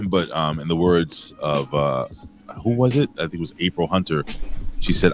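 A man's voice: low-pitched, very animated, moderate pace, creaky. A man hosting a podcast, hyping his show like a ring announcer and cursing freely. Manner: bombastic announcer-style hype, profane. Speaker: podcast host. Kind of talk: casual podcast chat.

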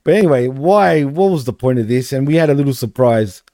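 A man's voice: medium pitch, animated, a little fast, dark tone, dry recording, clean studio sound. A man co-hosting a casual wrestling podcast, blunt and exasperated, laughing often as he talks. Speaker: podcast co-host.

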